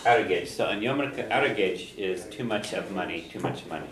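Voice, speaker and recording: Low-voiced male teacher, patient and repetitive, recorded in an echoey classroom. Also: a little fast, crowd noise. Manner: patient, repeats phrases, chuckles often. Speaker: language teacher. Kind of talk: classroom lesson, explaining phrases. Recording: roomy classroom echo, faint noise.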